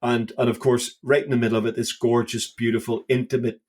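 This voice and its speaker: A man's voice: medium pitch, level tone, fairly quick, darkish tone. A man co-hosting a casual Bible podcast, his voice sitting in a middling register. He talks with eager enthusiasm and keeps circling back over his own words as he works an idea out aloud. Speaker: podcast co-host.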